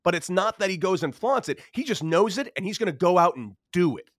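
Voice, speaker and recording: A man hosting a casual sports chat who tells animated stories, laughing and repeating himself. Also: high voice, fairly quick, no echo, clean studio sound. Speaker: podcast host.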